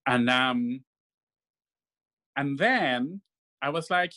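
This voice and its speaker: Drawing out his words and pausing often, a medium-pitched male stage actor shares stories as a guest in a casual interview, animatedly performing the voices of people he quotes.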